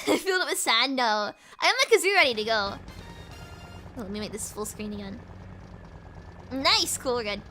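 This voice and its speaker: A woman's voice: high voice, sing-song, brisk, pushed and bright. A British woman streaming a racing game, chatting casually with her viewers in a bubbly, giggly, rambling way with lots of fillers. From Britain. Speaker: VTuber streamer. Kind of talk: casual livestream chat while gaming. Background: game music.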